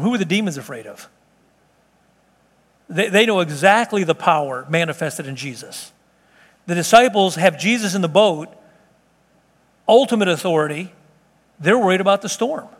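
A man preaching a sermon from the pulpit, driving his points home with emphatic repetition. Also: sits high. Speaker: pastor. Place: church sanctuary. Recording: long hall reverb.

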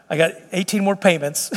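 A man with a notably high voice preaches a sermon, earnest and emphatic, with homely asides to the folks in the pews. His words ring out with a long reverberant tail, as though spoken in a large church sanctuary. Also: a little hiss or hum. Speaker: pastor. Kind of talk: sermon and closing prayer.

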